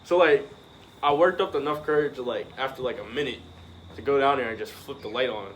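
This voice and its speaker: A man co-hosting a casual video, telling animated stories in slang and laughing through them. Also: medium pitch, fairly quick. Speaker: channel co-host. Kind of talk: casual storytelling chat. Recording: noisy background.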